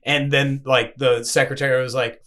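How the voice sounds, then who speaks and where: A man's voice: medium pitch, flat delivery, moderate pace, fairly bright tone. A man hosting a recovery podcast, telling stories in a loose, casual way and swearing freely. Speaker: podcast host. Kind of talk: casual conversational chat.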